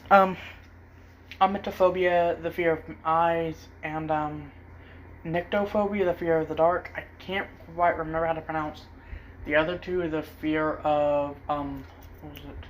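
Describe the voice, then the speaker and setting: A man's voice: on the high side, fairly even intonation, a little slow, slight background noise. A man hosting a casual drawing vlog, rambling and hesitant with lots of fillers. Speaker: art channel host.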